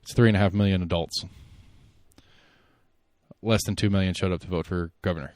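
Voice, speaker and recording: A man hosting a solo podcast, giving rambling, opinionated political commentary and thinking out loud. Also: deep voice, steady tone, fairly quick, no room sound. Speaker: podcast host.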